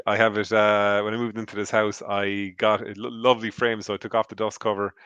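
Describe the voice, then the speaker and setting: An Irish man with a fairly low voice tells a meandering personal story in a relaxed, chatty way. The recording is dry and close, with no room sound. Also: clear, resonant tone, no echo, muffled recording. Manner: rambling anecdotal storyteller. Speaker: podcast co-host on a charity stream. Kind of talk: casual storytelling. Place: home.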